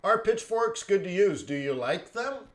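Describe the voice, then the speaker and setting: A man's voice: high voice, expressive, moderate pace, a little hiss or hum. A man hosting a live trading stream, talking casually with lots of fillers and chuckled asides. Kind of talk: casual chat.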